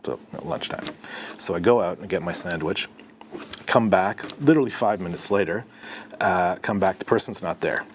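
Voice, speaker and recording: A middle-aged man from Canada, a podcast guest, telling a story in an animated way and acting out the dialogue. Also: deep voice, normal speed, a little hiss or hum. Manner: animated, acts out dialogue in his anecdotes. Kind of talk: conversational storytelling.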